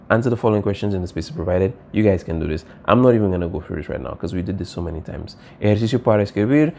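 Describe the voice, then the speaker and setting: A male teacher talks through a Spanish lesson in a low, mellow voice. He draws out example words slowly so the class can hear each sound. He keeps checking in with his students as he goes. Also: vocal fry, a little hiss or hum. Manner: repeats words slowly to model pronunciation, checks in often.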